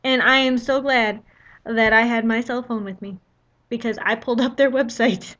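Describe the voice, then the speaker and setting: Young woman rambling through a road trip story on her vlog, kinda high voice, lots of "you know". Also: normal speed, dull audio. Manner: chatty, lively retelling with many "you know" fillers. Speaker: vlogger.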